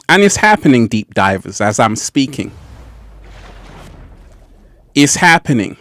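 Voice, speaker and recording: A man's voice: medium pitch, very animated, measured pace, pauses often, a bit bright, no room sound, studio quality. A man hosting a casual livestream who laughs often and repeats his phrases. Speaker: livestream host.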